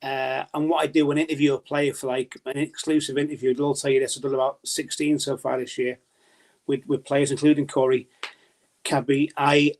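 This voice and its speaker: A man's voice: mid-range voice, flat delivery, brisk, a little mellow. A man talking as a podcast guest about his darts journalism in a casual, rambling way with many restarts.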